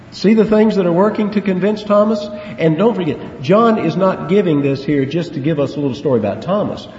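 A man's voice: on the high side, darkish tone. A man preaching an expository sermon, earnest and emphatic, stressing words and asking rhetorical questions. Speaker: preacher teaching a Bible passage. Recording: echoey hall, dull lo-fi sound, faint hiss.

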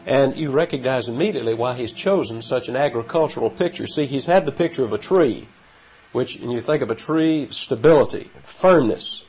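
A man giving an expository Bible lesson, explaining word meanings in a measured way with frequent pauses and fillers. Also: mid-range voice, darkish tone, husky. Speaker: Bible teacher. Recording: slightly dull lo-fi recording with faint ambience.

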